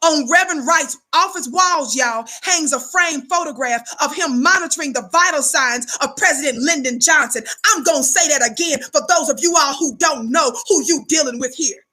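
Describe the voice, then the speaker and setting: A woman speaks in a high, bright, forceful voice. She delivers impassioned commentary like a preacher, indignant and calling on her listeners to answer back. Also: normal speed, few pauses. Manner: preachy, indignant, call-and-response.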